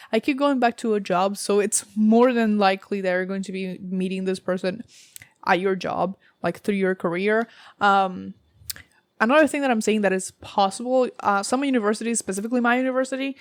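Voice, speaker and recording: Young woman w a slight southern accent doing a tarot reading, rambly and giggly, medium pitch, dry sound. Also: dry recording. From United States. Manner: chatty, rambling, laughs often, many fillers. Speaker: tarot reader.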